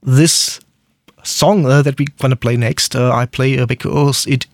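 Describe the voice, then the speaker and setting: A man hosting a radio music show in casual chat, talking haltingly with many fillers and restarts. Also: medium pitch, fairly even intonation, no room sound. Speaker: radio host.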